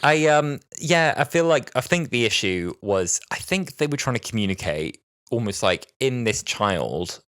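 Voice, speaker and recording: A British man in his twenties co-hosting a podcast in casual chat, animated and acting out scenes in mimicked voices. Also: medium pitch, normal speed, no echo, clean studio sound. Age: 20s. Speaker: podcast co-host.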